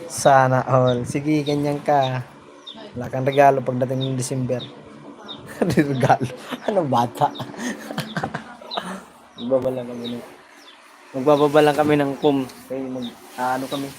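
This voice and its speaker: A man's voice: mid-range voice, level tone, normal speed, pauses often, darkish tone, a little hiss or hum. A man with a Filipino accent vlogging in a joking, playful way, switching between his own language and broken English. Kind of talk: casual chat to camera.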